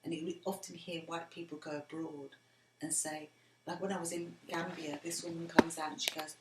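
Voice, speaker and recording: A middle-aged woman with a lowish voice tells personal stories with earnest feeling. Her voice often sinks to a near whisper. The recording sounds roomy, with a faint hum behind her. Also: little pitch movement, moderate pace. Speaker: interviewee, mother of the interviewer. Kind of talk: personal storytelling in conversation. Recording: roomy with faint background noise.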